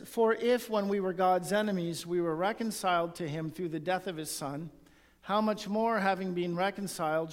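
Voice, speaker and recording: High-voiced man preaching in a reverberant church. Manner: earnest preaching, reads scripture aloud. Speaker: pastor. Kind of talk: sermon.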